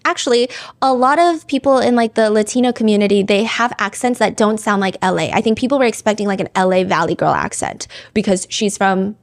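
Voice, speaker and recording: Woman true crime commentator, rapid-fire and chatty, mid-pitched, loose filler-heavy delivery. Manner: chatty, frequent "like" fillers, reads lyrics aloud. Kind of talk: casual commentary.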